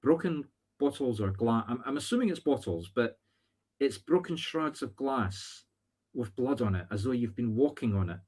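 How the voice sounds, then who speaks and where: A man's voice: medium pitch, animated, moderate pace, darkish tone, breathy edge. A man with a Scottish accent giving live-streamed psychic readings, chatty and thinking aloud with teasing asides. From Scotland. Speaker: spiritual medium.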